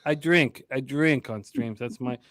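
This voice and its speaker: A man's voice: medium pitch, measured pace, fairly bright tone. A man co-hosting a casual live sports betting stream, joking, swearing and laughing often. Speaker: podcast co-host.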